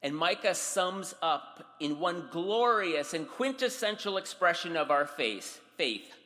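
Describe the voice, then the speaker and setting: A man's voice: a little high, big pitch swings, a little slow, pushed and bright, big-room sound. A man preaching a sermon, reading scripture dramatically and speaking directly to his congregation. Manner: dramatic, voices scripture with raised intensity. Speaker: pastor.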